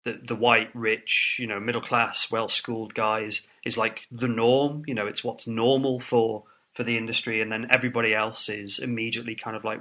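A man's voice: lowish voice, little pitch movement, moderate pace, hardly any pauses, sharp tone. A man interviewing a guest, thoughtful and hedging with fillers. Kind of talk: conversational interview.

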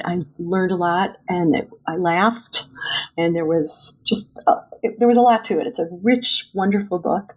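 A woman's voice: medium pitch, a little mellow, husky. A woman hosting a book podcast, asking questions and thanking her guest. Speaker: podcast host. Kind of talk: interview hosting.

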